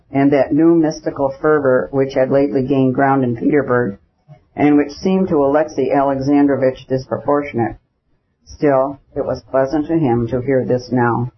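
Husky-voiced male audiobook narrator. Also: medium pitch. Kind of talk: scripted narration of a classic novel. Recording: dull lo-fi recording.

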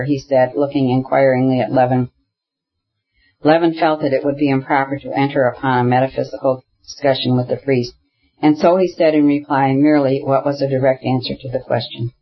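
An audiobook narrator reads a classic novel aloud at a steady, measured pace. His voice is mid-range and the sound is lo-fi.

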